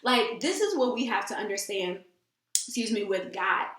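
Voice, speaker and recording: A woman's voice: medium pitch, sing-song, normal speed, noisy background. A woman hosting a casual faith talk, earnest and emphatic, often repeating phrases. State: teary. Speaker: host. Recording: echoey room.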